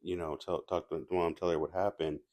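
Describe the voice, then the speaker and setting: A man's voice: low voice, flat delivery, brisk, a little mellow. A man casually telling a personal story as a movie reviewer, rambling with restarts and asides.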